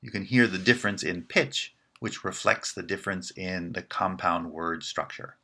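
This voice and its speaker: A man giving a recorded linguistics lecture, explaining in a measured way and often checking in with "right?". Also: sits low, pushed and bright.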